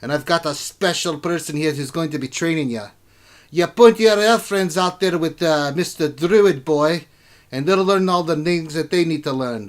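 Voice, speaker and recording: A man voicing a gruff, loud old dwarf king in a tabletop game. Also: on the high side, pitched above the performer's own voice, natural voice. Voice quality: gruff, shouting.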